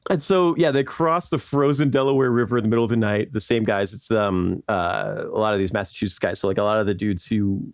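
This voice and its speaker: A man's voice: lowish voice, fairly quick, few pauses, clean tone, no echo, clean studio sound. A man hosting a podcast, telling history in a loose, rambling way, laughing often and tossing in "like" and "right?". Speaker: podcast host. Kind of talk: casual history storytelling.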